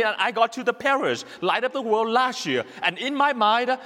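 A man's voice: very high voice, animated, normal speed, hardly any pauses, fairly bright tone. A man from Vietnam with a Vietnamese accent, a priest giving a homily in an earnest, repetitive way, laughing at himself now and then. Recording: long reverb of a church hall.

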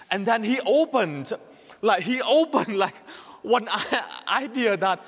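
Man, Vietnamese accent, priest's homily, earnest and repetitive, high voice, long church reverb. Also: lively intonation, unhurried. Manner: earnest, repetitive, laughing at himself.

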